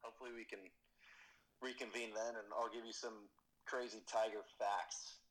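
A man's voice: lowish voice, level tone, normal speed, fairly bright tone, low-quality recording. A young man in his twenties, a podcast guest, chatting casually and thanking the host. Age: 20s. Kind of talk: casual chat.

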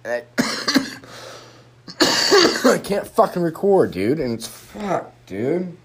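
A young man talks into his phone's microphone, swearing nonstop in a loose, rambling rant. His pitch swings up and down a lot as he vents his frustration, and his sentences keep breaking off and starting again. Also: big pitch swings, very slow, fairly bright tone, breathy edge. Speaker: podcaster. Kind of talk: frustrated solo podcast rant.

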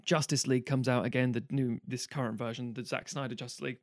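A man, co-hosting a casual film chat, animated and swearing freely. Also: mid-range voice, fast talker, no echo, clean studio sound. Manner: animated, swears freely, mock-quotes characters. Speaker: podcast co-host.

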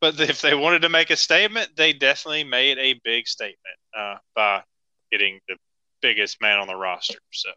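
Man, podcast co-host, bright forceful tone, smooth resonant voice, chatty match recaps. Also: medium pitch, a little fast, dry recording, low-quality recording. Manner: chatty, laughs often, play-by-play recaps. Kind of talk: casual chat.

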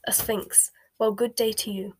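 A woman reading a storybook aloud and voicing a flustered, pompous male wizard minister in a louder, brisk voice. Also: medium pitch, flat delivery, slight background noise, natural voice. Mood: dismissive. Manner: blustering and brisk, louder than the narration.

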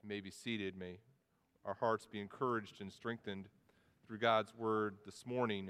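A man's voice: on the low side, fairly even intonation, moderate pace, fairly bright tone. Man preaching in a reverberant church. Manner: earnest, with frequent word repetitions. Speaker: pastor. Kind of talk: sermon. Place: church sanctuary. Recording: long reverb of a church hall.

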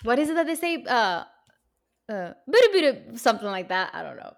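A woman's voice: on the high side, sing-song, fast talker, creaky. Rambling woman podcast co-host. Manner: rambling, restarts sentences, lots of "like" and "um". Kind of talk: casual chat.

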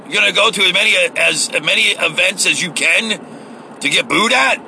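A man's voice: sits high, normal speed, creaky, bright, forceful tone, slight background noise, low-quality recording. A man giving a heated, profane, sarcastic political rant, recorded in a car. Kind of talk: ranting political monologue.

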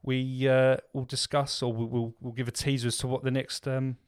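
A man's voice: medium pitch, flat delivery, normal speed, clean tone. A man co-hosting a podcast in casual chat, rambling with lots of filler words and restarts. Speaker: podcast co-host.

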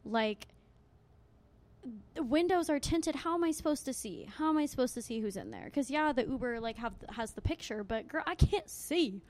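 A young woman co-hosting a casual chat, telling an animated story full of swearing and filler "like"s. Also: high voice, moderate pace. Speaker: co-host.

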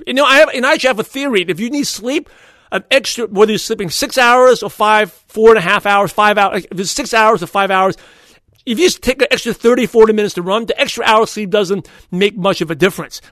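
A man hosting a podcast, telling casual stories and quoting people in quick back-and-forth. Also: high-pitched, expressive, bright, forceful tone, dry recording, studio quality. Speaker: podcast host. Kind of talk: casual storytelling monologue.

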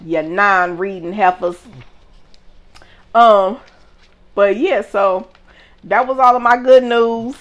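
Animated woman, higher voice, casual host. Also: slow pace, long pauses. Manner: animated, laughing, emphatic storytelling. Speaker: podcast host. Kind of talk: casual chat.

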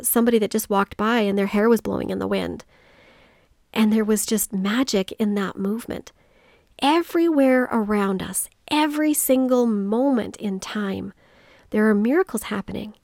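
Earnest woman with a gravelly edge. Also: medium pitch, darkish tone, no room sound, studio quality. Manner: earnest, reflective storytelling. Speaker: podcast host. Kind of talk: solo motivational podcast talk.

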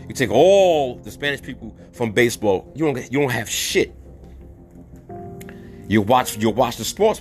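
Lively blunt New man. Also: mid-range voice. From New York City. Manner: blunt, repeats words for emphasis. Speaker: podcast host. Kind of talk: opinionated monologue.

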